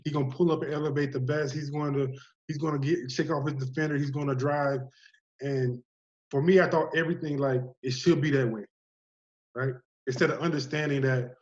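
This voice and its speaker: A man's voice: a little high, muffled recording. A man talking as a basketball coach and podcast guest, telling stories and acting out his players' words in casual conversation. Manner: animated storyteller, acts out players' words.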